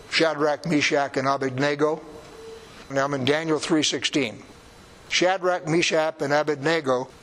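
A man's voice: a little high, a bit bright, rough recording. A man preaching a sermon in a conversational, emphatic way with wry asides.

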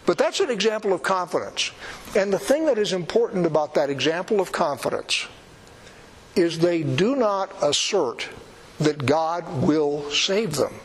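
Male preacher, fairly high voice, plain-spoken sermon with dry humor. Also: animated, unhurried, slight background noise, poor audio. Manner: conversational, emphatic, with wry asides.

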